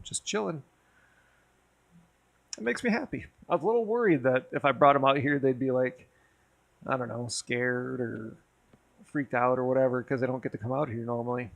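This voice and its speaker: A man's voice: on the high side, fairly bright tone. A man from Wisconsin streaming from his garage, telling rambling, profane nostalgic stories in casual chat. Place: home garage with a green screen.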